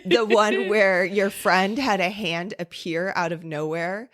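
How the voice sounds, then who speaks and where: A woman co-hosting a podcast, bantering and joking in an animated way. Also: mid-range voice, measured pace. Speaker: podcast co-host. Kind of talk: casual chat.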